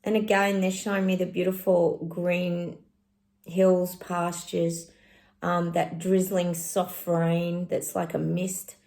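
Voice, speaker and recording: A woman's voice: on the low side, level tone, slow pace, vocal fry, a little mellow. A middle-aged woman casually giving psychic readings to her viewers, chatty and exclaiming as she talks straight to them. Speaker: psychic channel host.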